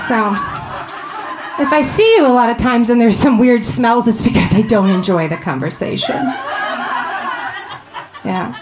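A woman in her thirties from Ohio doing a profane, animated stand-up comedy set. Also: fairly high pitch, moderate pace, echoey room, noisy background. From Ohio, USA.

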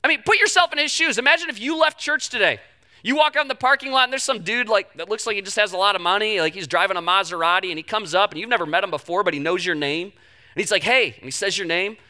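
A young man preaching a sermon, telling the story with animated delivery and acting out the quoted voices. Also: sits high, fast talker. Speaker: pastor.

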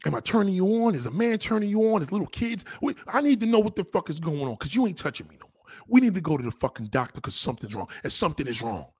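A man's voice: sits high, very animated, quick pace, husky, dry recording. A man hosting a crude, heated commentary rant, talking straight at his viewers. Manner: blunt, crude and heated, addressing viewers directly. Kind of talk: profane relationship rant.

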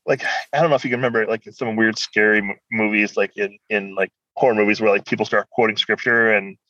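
A man's voice: lowish voice, fast talker, no room sound. Guy telling a wild story, all over the place, kinda dull lo-fi audio. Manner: animated, rambling storyteller. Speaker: guest. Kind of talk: personal storytelling in conversation.

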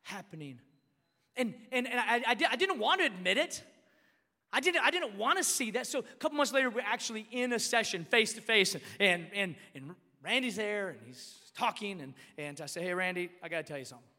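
A man preaching a storytelling sermon, animated and emphatic, repeating words and rising to shouts at his peaks. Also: high-pitched, moderate pace. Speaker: pastor. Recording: long hall reverb.

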